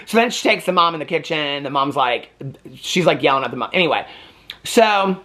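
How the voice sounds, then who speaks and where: A man's voice: fairly high pitch, lively intonation, a little fast, pushed and bright. A man reviewing a movie in casual, rambling chat, giggling, with lots of "like" and many tangents.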